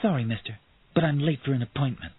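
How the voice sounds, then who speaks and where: A man's voice: mid-range voice, fast, slightly rough, no echo, pitched above the performer's own voice, close to an everyday voice. A man voicing a cool, disdainful young woman with a hard manner in a storybook reading. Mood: cold. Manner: sugary then icy, hard. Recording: tinny phone-like sound.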